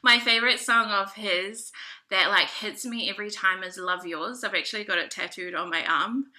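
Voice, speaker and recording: A woman's voice: mid-range voice, moderate pace, pushed and bright. A woman from New Zealand hosting a podcast, chatting casually and laughing often. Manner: bubbly, laughs often, playful. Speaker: podcast host. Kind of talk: casual interview chat.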